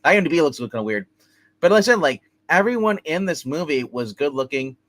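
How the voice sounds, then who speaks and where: A man co-hosting a movie review show, talking casually in a rambling, halting way and often restarting his sentences. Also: fairly high pitch, big pitch swings, a bit bright, dry recording.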